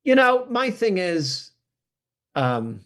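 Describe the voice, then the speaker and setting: A man's voice: high voice, slow. A man guesting on a podcast, chatting casually and telling self-deprecating stories with an American accent. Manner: animated, self-deprecating storyteller who acts out quotes. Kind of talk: casual interview chat.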